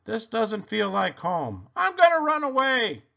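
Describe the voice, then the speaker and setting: A man voicing a gentle young male dinosaur in a storybook, plaintive and wondering. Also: fairly high pitch, huge pitch swings, very slow, slightly rough, lo-fi sound, heavily acted. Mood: upset.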